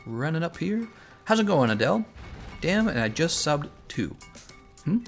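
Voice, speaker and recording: A man's voice: a little high, very animated, moderate pace, faint music behind. A young adult man streaming a game, chatting casually and with strong opinions, laughing often. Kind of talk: casual livestream chat while playing.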